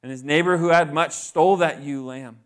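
A man's voice: a little high, brisk. A man preaching a sermon in a conversational way, often asking the congregation questions. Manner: conversational, asks the audience questions.

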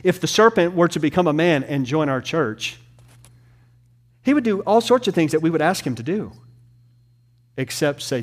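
A man preaching a sermon, swinging from loud, rapid lists to hushed, near-whispered passages. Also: on the high side, expressive.

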